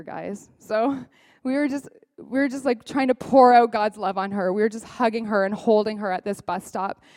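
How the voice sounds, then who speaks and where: Higher-voiced woman telling a sermon story. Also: dry recording. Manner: lively storyteller, acting out dialogue. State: briefly choked up. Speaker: speaker sharing a personal testimony.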